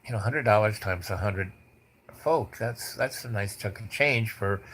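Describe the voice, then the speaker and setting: A man's voice: on the low side, measured pace, fairly bright tone, breathy edge. A man hosting a podcast, telling a story in a casual, rambling way with restarts, asides and blunt swearing. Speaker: podcast host.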